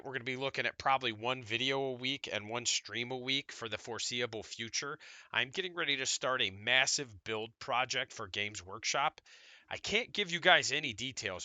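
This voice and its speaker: A middle-aged man, congested from illness, giving a relaxed, rambling update to his gaming channel's viewers. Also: medium pitch, no echo. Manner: relaxed, rambling, self-deprecating.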